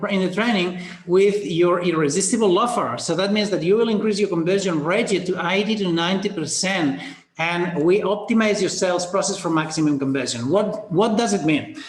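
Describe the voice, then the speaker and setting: A man presenting a business coaching webinar, talking fast and casually with fillers and the odd swear word. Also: high voice, echoey room. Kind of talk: energetic sales webinar talk.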